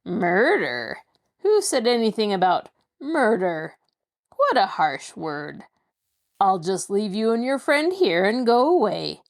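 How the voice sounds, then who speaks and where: A woman's voice: mid-range voice, big pitch swings, takes it slowly. A woman voicing a ruthless, boastful male crook who sneers and gloats. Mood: gloating.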